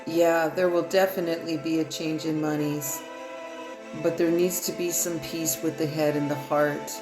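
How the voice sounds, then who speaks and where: A woman's voice: sits low, little pitch movement, normal speed. A woman giving a loose, rambling tarot reading in casual, profane talk. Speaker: tarot reader. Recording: echoey room with loud music.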